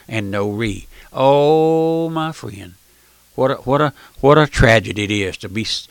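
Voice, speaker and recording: A man's voice: mid-range voice, sharp tone, dry recording. An older man preaching an earnest, emphatic radio sermon in a folksy, repetitive way.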